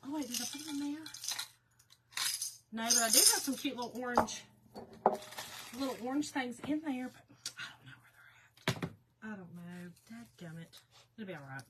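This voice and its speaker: A woman's voice: on the high side, animated, normal speed, pauses often, heavy background noise. A woman chatting casually with her viewers while she crafts on a livestream, laughing often.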